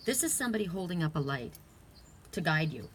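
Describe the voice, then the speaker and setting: A woman's voice: lowish voice, sing-song, fairly quick, a little hiss or hum. A middle-aged woman giving an earnest, heartfelt oracle card reading, emphatic and casual.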